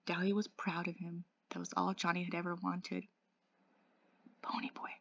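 A woman working as an English tutor, reading a novel aloud in a measured, even storytelling voice. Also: fairly low pitch. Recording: dull lo-fi dry audio.

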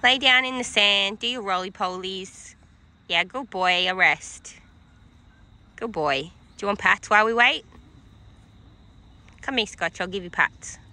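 Woman filming a dog daycare on her phone, slow and cooing, outdoors. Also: mid-range voice, bright, forceful tone. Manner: coos and praises dogs in a sing-song voice. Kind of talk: casual vlog narration, talking to dogs. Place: outdoor dog play yard. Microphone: handheld phone camera.

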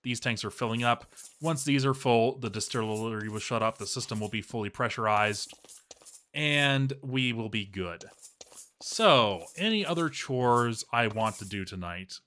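A man's voice: mid-range voice, lively intonation, unhurried, sharp tone. A man giving casual, rambling and playful commentary while he plays a game, chatting to his viewers.

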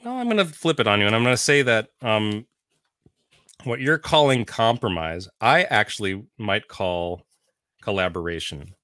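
Bright-voiced middle-aged man, wry and thoughtful. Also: lowish voice, expressive, no room sound, studio quality. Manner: thoughtful, wry, tells jokes with deliberate timing. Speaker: interview guest, musician. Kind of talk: casual conversation.

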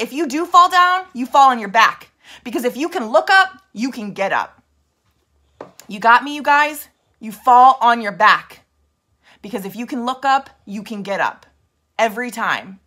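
A woman's voice: sits high, sharp tone. A woman giving an emphatic motivational pep talk to her sales team, repeating fervent affirmations. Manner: emphatic, mildly profane. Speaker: leader of a makeup sales team.

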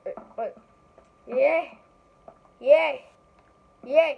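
Excitable high-voiced woman playing games. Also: slow, gravelly, long pauses, husky, phone-quality sound. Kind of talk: casual game role-play chat.

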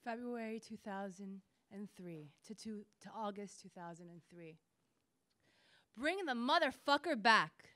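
A woman reading a prison memoir aloud on stage, slow and emphatic. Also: mid-range voice. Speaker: reader.

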